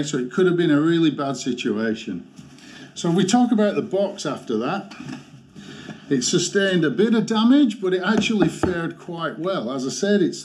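A man talks through a motorcycle gear review. He rants with exasperation and stops to restart his sentences. His voice sits at an ordinary middle pitch. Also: darkish tone. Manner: exasperated ranting, halting restarts. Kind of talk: product review vlog.

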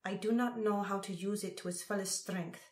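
A woman voicing a resolute young warrior woman who speaks calmly and steadily, recorded in a roomy space. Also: medium pitch, moderate pace, lightly acted. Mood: firm. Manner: calm, steady. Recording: roomy echo.

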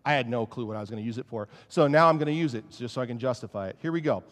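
A man's voice: mid-range voice, very fast, a bit bright. A man preaching a casual, joking sermon to his congregation in church. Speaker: pastor. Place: church sanctuary. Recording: long church-hall reverb.

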